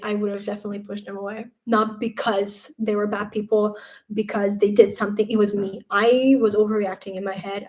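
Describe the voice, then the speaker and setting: A young woman chatting casually on a live stream from home, rambling and animated when quoting others. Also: medium pitch.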